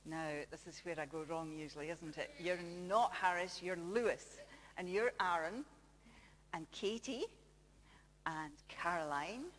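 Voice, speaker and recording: A woman giving a chatty children's talk in church, gently teasing the kids and telling a story while projecting her voice without a microphone. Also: fairly low pitch, measured pace, a little hiss or hum. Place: large church. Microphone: faulty microphone, then no mic, projecting her voice. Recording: echoey church with long reverb.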